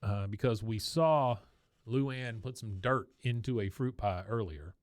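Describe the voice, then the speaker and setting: A man co-hosting a casual podcast recaps an episode scene by scene. He tells it briskly and chuckles often. His voice sits at a middle pitch, and the room is dry and close. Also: no echo. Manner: lively retelling, chuckling often. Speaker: podcast co-host.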